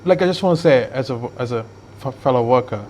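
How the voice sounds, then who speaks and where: A man hosting an interview, asking questions in an earnest, halting way with frequent restarts. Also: medium pitch, animated, a little mellow, a little hiss or hum. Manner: hesitant, many fillers and restarts, earnest. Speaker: podcast host. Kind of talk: casual interview. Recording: slightly dull lo-fi audio.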